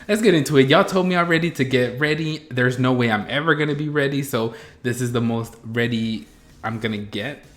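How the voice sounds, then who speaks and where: A young man hosting a reaction vlog, chatting casually with self-mocking rambles and quick jumps in energy. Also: medium pitch. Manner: animated, self-mocking, rambling with bursts of laughter. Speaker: YouTube reaction host.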